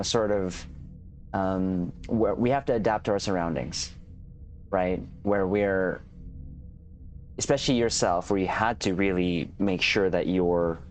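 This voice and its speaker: Low-voiced male livestream host. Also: a little mellow, slight background noise. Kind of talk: casual chat on a livestream.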